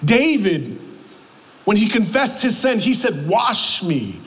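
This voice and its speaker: High-pitched with big pitch swings, this pastor delivers his sermon at a measured pace. He repeats himself emphatically and calls out to the congregation in the church. The sound carries long hall reverb and faint ambience.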